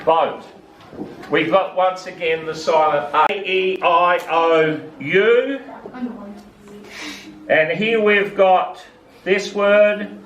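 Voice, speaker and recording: Slow, patient male reading teacher. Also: sits high, fairly bright tone. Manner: slow, patient, asks the student questions. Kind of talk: classroom phonics lesson. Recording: echoey room, from a distance, faint hiss.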